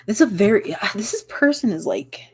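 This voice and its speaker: A woman's voice: mid-range voice, expressive, brisk, darkish tone, husky. A young woman giving a casual tarot reading, rambling and searching for words with many fillers and little laughs. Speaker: tarot reader.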